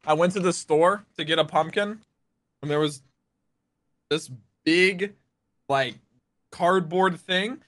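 Bright-voiced young male streamer. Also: a little high, takes it slowly, pauses often. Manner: talks straight to chat, rambling and goofy. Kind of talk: casual chat.

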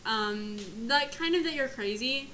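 Bright teenage girl, quick teasing chat. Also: high voice, slight background noise, poor audio. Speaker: co-host. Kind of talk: casual chat.

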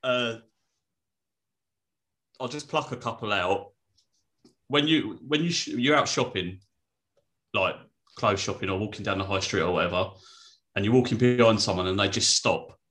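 A man co-hosts a casual podcast chat. His voice sits a little low, and his manner is easygoing, with frequent laughs. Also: moderate pace, pauses often, fairly bright tone. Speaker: podcast co-host.

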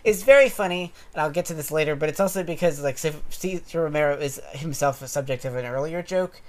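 A man's voice: fairly high pitch, fairly quick. Man talking animatedly about a show. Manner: animated, laughs while making points; thoughtful, academic phrasing. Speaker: podcast co-host. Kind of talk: casual analytical chat.

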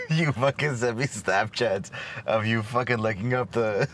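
A man's voice: medium pitch, wildly swooping pitch, slow pace, noisy background. A young man in a casual podcast chat who teases his friend, swears and laughs often. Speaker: podcast co-host.

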